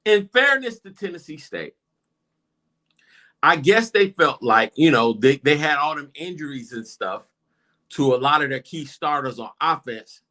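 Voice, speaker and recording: An animated man co-hosting a casual sports talk show, telling stories about the games with hype and laughter. His voice is bright and forceful, and his pitch swings widely. He talks with a playful, high-energy bounce. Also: a little slow. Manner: animated, laughing, hyped storytelling. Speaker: co-host.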